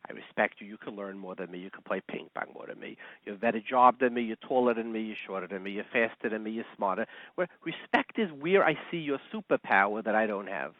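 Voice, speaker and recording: A man, a rabbi guest-hosting a radio show, teaching in an animated way with rhetorical questions and many Hebrew terms. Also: fairly low pitch, quick pace, no room sound. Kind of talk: talk radio teaching with a joke. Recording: tinny phone-like line, dry.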